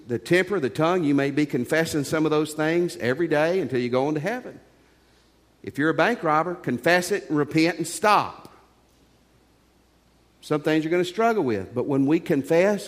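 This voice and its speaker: Man preaching in a reverberant church. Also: on the high side. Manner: earnest, conversational preaching with stories. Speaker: pastor. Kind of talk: sermon.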